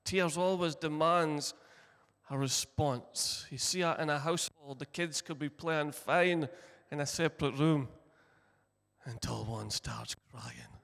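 A Scottish man delivers a sermon from the pulpit, unhurried and deliberate, leaning on his key phrases. His voice sits a little high for a man, and the words ring out in a long hall reverb. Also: creaky, a bit bright. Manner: earnest storytelling preacher, slow deliberate emphasis. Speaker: pastor.

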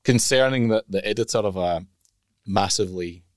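A man's voice: fairly low pitch, normal speed, dry recording, studio quality. A man co-hosting a podcast, chatting casually with teasing, jokey banter. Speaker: podcast co-host. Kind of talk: casual chat.

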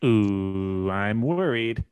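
A man's voice: lowish voice, lively intonation, a little mellow, smooth. Playful man co-hosting a chat podcast. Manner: playful, quick to laugh and apologize. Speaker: podcast co-host. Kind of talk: casual chat.

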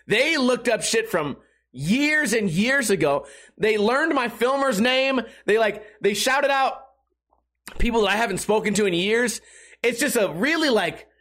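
A man with a high-sitting, fairly bright voice chats casually on a stream. He tells rambling stories packed with swearing and giggles.

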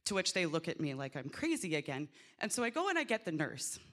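Animated woman telling a story. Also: fairly low pitch, fast. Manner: animated, swearing, acts out quotes. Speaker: doula. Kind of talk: live storytelling.

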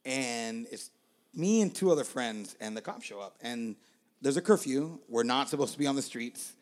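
A man from Puerto Rico telling stories in casual podcast chat, lively and acting out voices. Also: medium pitch, normal speed. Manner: lively storyteller, acts out voices.

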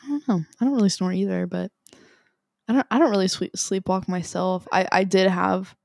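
A young adult woman co-hosting a podcast, chatting casually and telling stories with animated pitch jumps. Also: a little fast, creaky, no room sound, studio quality. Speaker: podcast co-host. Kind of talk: casual chat.

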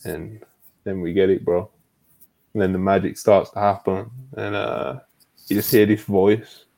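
A man's voice: low voice, a little slow, gravelly. Slangy man recapping wrestling. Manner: animated, slangy, swears a lot, says "bro" often. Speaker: podcast co-host. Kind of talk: casual wrestling review chat.

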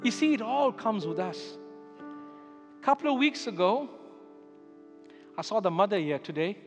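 A man's voice: sits high, big pitch swings, normal speed. A man, a pastor, preaching a sermon with emphatic storytelling. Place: church sanctuary. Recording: echoey church hall with music underneath.

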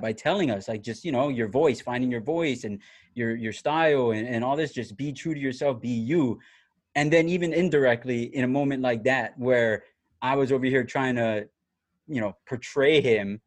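A man telling a story in casual chat, animated and laughing, with many restarts and fillers. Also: medium pitch, no echo. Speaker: former TV reporter telling a story.

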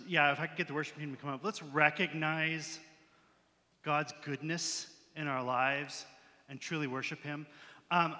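A man's voice: fairly high pitch, pushed and bright. A male pastor preaching and praying in a casual, conversational way in a church sanctuary. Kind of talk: sermon with prayer. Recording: long church hall reverb.

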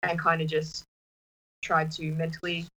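A woman telling a personal story in casual chat, halting, with many restarts. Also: low-pitched, monotone, pushed and bright, low-quality recording. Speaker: partner sharing a personal story.

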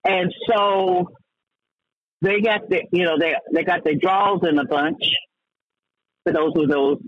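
A man's voice: high-pitched, steady tone, slow, a little hiss or hum. A man hosting a radio talk show, ranting heatedly about the news and stumbling over many restarts. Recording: dull lo-fi radio broadcast.

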